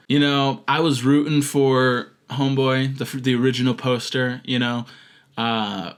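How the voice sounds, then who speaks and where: A man's voice: mid-range voice, normal speed, fairly bright tone. A man ranting as a filmmaker vlogger, reading out comments and mocking them with sarcastic asides and laughter. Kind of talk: comedic rant reading out comments.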